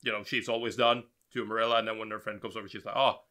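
Bright-voiced man, relaxed chat. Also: lowish voice, very fast. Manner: relaxed, rambling, many restarts. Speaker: podcast co-host. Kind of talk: casual chat.

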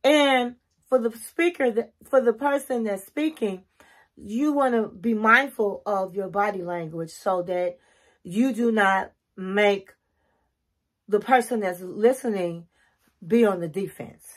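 Speaking slowly at a medium pitch, a middle-aged woman offers relationship advice straight to camera. She's earnest and coach-like in this casual talk, working through tips one number at a time.

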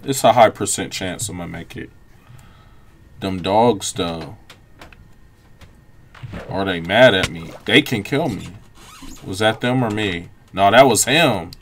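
A young man giving relaxed, reactive commentary over his own gameplay, breaking into quick exclamations. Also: low-pitched, slight background noise. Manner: laid-back, reactive, frequent exclamations. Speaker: gaming channel host. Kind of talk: let's-play gameplay commentary.

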